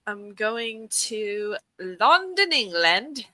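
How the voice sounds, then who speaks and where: Bright chatty woman telling stories. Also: mid-range voice, very animated, extremely slow, dry recording, poor audio. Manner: chatty storyteller, lots of fillers and laughs. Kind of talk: casual livestream chat.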